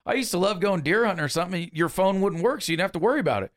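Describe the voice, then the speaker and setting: A man's voice: sits high, lively intonation, rapid-fire. A man co-hosting a podcast in casual banter, laid-back and agreeable, often saying "dude". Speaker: podcast co-host.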